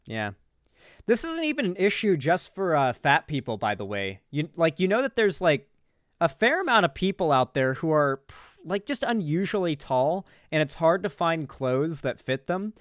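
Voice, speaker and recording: A man riffs through a reaction commentary, loose, swearing freely and openly incredulous. His voice is smooth and resonant, a bit higher than most men's, and it sits dry and close. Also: big pitch swings, normal speed, no echo. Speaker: political commentary streamer.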